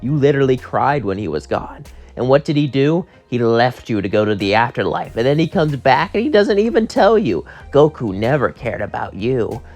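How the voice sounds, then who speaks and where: A man's voice: moderate pace, darkish tone, soft background music, close to an everyday voice. A man voicing a small, sneering evil male wizard in a spoken fan story, in a raised, strained tone. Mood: taunting. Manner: taunting, high and strained.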